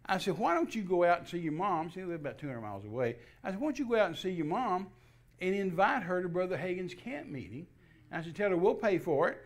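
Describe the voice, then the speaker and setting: A man's voice: high-pitched, fast. An older man telling a personal testimony in a folksy way, acting out the dialogue as he goes. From Texas. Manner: folksy, repetitive restarts, animated quoting of dialogue. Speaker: guest minister.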